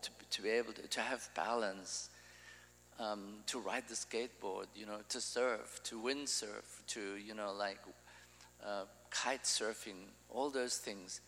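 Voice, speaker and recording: Slow, rambling preacher in a hall. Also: male voice, mid-range voice, fairly bright tone. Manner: rambling and conversational, with restarts. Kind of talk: informal sermon teaching.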